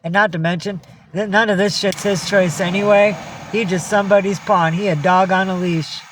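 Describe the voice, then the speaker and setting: On her live stream, this woman from upstate New York chats casually, curses freely, and coos affectionately at her cats in between replies to viewer comments. Her voice is mid-range and steady at a normal speed, with background noise in the recording.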